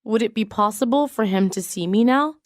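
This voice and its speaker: A woman reading isolated English practice sentences for a lesson, in a measured, even way. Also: a little high, dry recording, clean studio sound.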